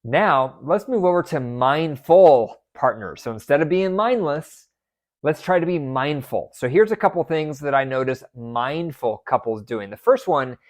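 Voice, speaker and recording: A man's voice: fairly high pitch, animated, a little slow. A man hosting a marriage advice podcast as a therapist, talking with emphasis and often repeating key phrases.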